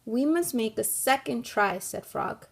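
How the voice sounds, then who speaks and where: A woman teacher reading a picture book aloud to children and thinking aloud through why questions in a gentle, guiding way. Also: fairly high pitch, animated, measured pace, gravelly, a little hiss or hum. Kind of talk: classroom read-aloud and lesson.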